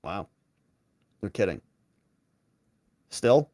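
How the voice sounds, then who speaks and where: A man's voice: mid-range voice, very animated, a little slow, pauses often, a little mellow, no room sound, studio quality. A man hosting a political commentary show, reacting to clips with sarcasm and mocking put-on voices.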